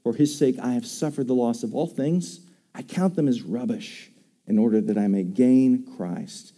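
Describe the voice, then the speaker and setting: A man preaching a sermon in a very dark, mellow voice. He talks with emphasis and keeps putting questions to his congregation. His tone is conversational. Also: medium pitch, moderate pace. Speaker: pastor.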